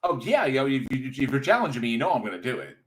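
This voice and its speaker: A man's voice: mid-range voice, very animated, fast. An American man with a Georgia accent in casual livestream chat, blunt and cursing. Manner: blunt, swears, protests loudly. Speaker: co-host.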